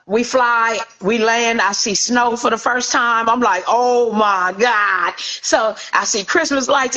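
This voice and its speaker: A middle-aged woman from Inglewood, California, a celebrity hairstylist telling an animated story and acting out the voices of the people in it. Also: a little high, muffled recording. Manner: acts out quoted voices, lively anecdotal.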